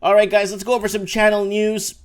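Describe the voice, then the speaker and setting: High-voiced man hosting an excitable live show. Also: fairly quick, clean tone. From Canada. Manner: animated, swings between low mutters and loud excited outbursts. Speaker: host of a live call-in show. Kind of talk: excited casual live-stream rant. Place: home room with window open.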